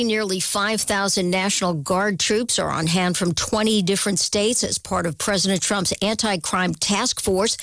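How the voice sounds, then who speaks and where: A woman newscaster reads headlines in a formal, measured cadence. The sound is dry and close, with no room echo. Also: mid-range voice, a bit bright. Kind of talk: scripted news read.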